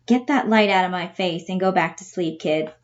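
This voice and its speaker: A woman reading the part of a brash gangster uncle in his thirties, gruff and cocky, on a dull lo-fi recording. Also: lowish voice, normal speed, close to an everyday voice. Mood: brusque.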